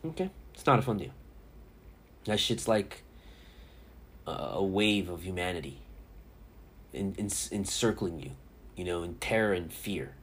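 Profane, animated man ranting casually. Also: deep voice, a little slow, pauses often, slight background noise. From Miami area. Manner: profane, rambling, animated storyteller. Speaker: podcast host. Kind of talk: casual sports chat and storytelling.

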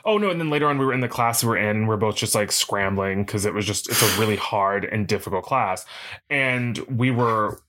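Fast-talking, bright-voiced man telling stories. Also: fairly low pitch. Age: late 30s. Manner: animated storyteller, acts out quotes, many restarts. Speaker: podcast co-host, PhD student. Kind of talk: casual chat.

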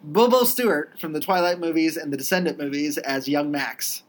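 A woman's voice: low voice, fairly quick, low-quality recording. A woman hosting a podcast in casual chat, running through upcoming releases in a matter-of-fact way. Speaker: podcast host.

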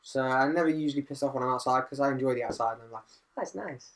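A guest in a casual chat, animated and laughing, swearing freely and acting out their own reactions. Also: medium pitch, rapid-fire.

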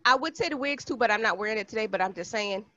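A woman in her own casual podcast chat, blunt and quick to push back when she's teased. Her voice sits a little high. The recording is dry and dull, like a lo-fi home setup. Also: lively intonation, bright, forceful tone, dry recording. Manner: blunt, teasing, quick to protest. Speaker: podcast co-host.

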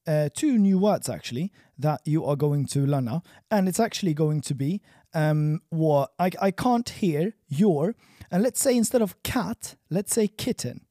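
Lively man teaching a language lesson. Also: a little high, no echo, studio quality. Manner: lively, repeats phrases slowly for practice.

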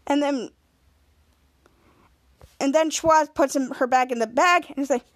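A woman's voice: high voice, steady tone, normal speed, pauses often. A woman hosting a podcast, retelling a TV episode in a rambling, run-on way with many restarts. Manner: quotes characters in a raised voice. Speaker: podcast host. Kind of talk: casual episode recap.

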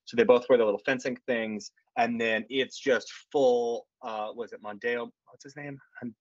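A man's voice: mid-range voice, fairly even intonation, moderate pace, dry recording. Rambling, profane man on muffled audio. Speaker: podcast co-host. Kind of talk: casual comedic movie recap. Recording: dry, muffled lo-fi call audio.

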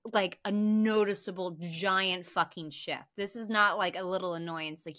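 A young woman co-hosting a podcast, recapping a film in casual, animated chat, swearing freely and restarting her sentences. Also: fairly low pitch, dry recording, studio quality. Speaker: podcast co-host.

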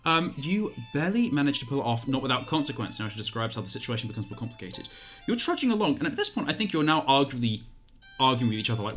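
A man's voice: medium pitch, very animated, fast talker, fairly bright tone. Man hesitantly narrating a tabletop game. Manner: hesitant, filler-heavy. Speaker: game master. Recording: faint music behind.

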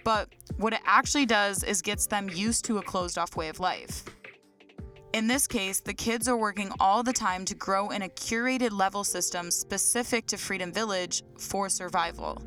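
Woman host, mid-range voice, calm analytical commentary, faint music underneath. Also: mid-range voice. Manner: measured, analytical. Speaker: podcast host. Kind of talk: reflective commentary.

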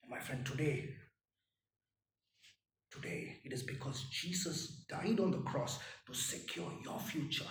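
A man preaching a sermon, swinging from loud impassioned rises to hushed near-whispers, often asking "right?" and calling listeners "my friend". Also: on the high side, measured pace, long pauses, reverberant, recorded from a distance, slight background noise, rough recording. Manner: peppers points with "right?" and "my friend".

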